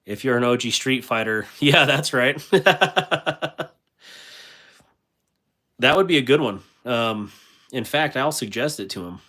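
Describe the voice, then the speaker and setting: A man's voice: mid-range voice, takes it slowly, pauses often, pushed and bright. A man hosting a casual livestream, rambling with many fillers and restarts while he reads viewer comments aloud and answers them. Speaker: livestream host.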